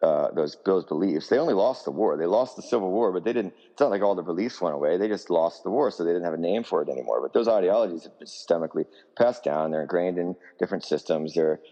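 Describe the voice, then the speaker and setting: A man speaks with heated, emphatic conviction, swearing freely as he pushes his points in an interview. His voice sits low and dark. The recording trails off in a long reverb. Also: lively intonation, fast, few pauses, muffled recording. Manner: fired up, profane, emphatic ranting. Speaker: musician guest.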